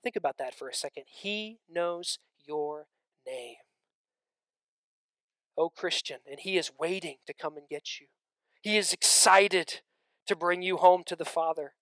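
A man preaching a sermon, swinging between loud emphatic stretches and hushed near-whispers, with conversational asides to the congregation. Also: fairly high pitch, a little slow, long pauses, no echo.

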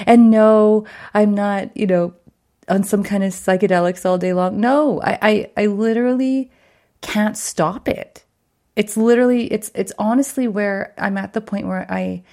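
A woman's voice: medium pitch, fairly even intonation, unhurried, darkish tone. A middle-aged woman coach hosting her podcast in a casual monologue, bubbly and chatty, laughing often between thoughts. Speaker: podcast host and wellness coach.

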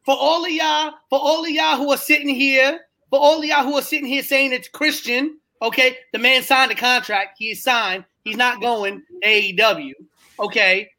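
A man co-hosting a wrestling talk show, talking in halting runs with repeated words and fillers. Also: very high-pitched, fairly even intonation, pushed and bright. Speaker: podcast co-host.

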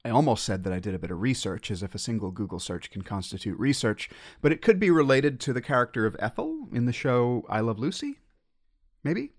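Wry, musing American man, podcast host. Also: medium pitch. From United States. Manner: musing, self-questioning, wry. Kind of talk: reflective solo podcast monologue.

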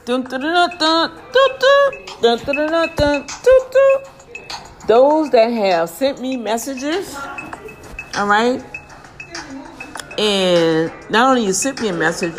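Woman host, casual and preachy, upbeat shout-out delivery over a music bed. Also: mid-range voice. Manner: lively, preachy, slangy, blessing listeners. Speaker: podcast host giving shout-outs. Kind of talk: casual motivational talk. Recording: music playing behind.

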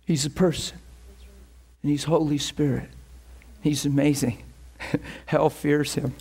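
A man's voice: on the high side, slow, vocal fry, husky. A male pastor delivering a sermon, telling a personal story with frequent laughter and voicing quoted people. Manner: animated, laughs often, voices quoted people.

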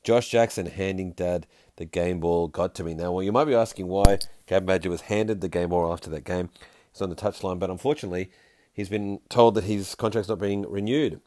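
Deep-voiced man, jokey podcast host. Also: dark tone, no echo. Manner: jokey, reads tweets aloud with quick asides. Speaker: podcast host reading listener tweets. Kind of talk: casual chat.

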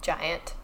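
A woman co-hosting a podcast, ranting in an animated, sarcastic way about a book. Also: a little hiss or hum. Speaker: podcast co-host. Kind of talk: casual book discussion.

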